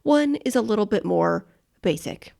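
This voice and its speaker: A woman's voice: medium pitch, lively intonation, moderate pace, gravelly, warm tone. A woman co-hosting a casual travel podcast, enthusiastic and informative, often correcting herself. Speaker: podcast co-host. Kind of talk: casual chat.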